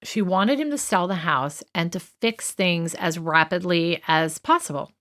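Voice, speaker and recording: A woman's voice: on the low side, a little slow, fairly bright tone. A woman co-hosting a true crime podcast, talking through a list in a chatty, opinionated way with many fillers and asides. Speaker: podcast co-host.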